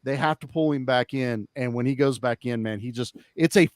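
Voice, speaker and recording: A man's voice: medium pitch, a little fast, no room sound, clean studio sound. A man guesting on a casual podcast chat, talking enthusiastically and swearing freely.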